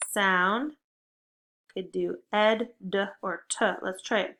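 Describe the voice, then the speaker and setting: A young woman teacher leading a phonics lesson for young children, upbeat and encouraging, with clear drilled prompts. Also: medium pitch, fairly even intonation, takes it slowly, a bit bright.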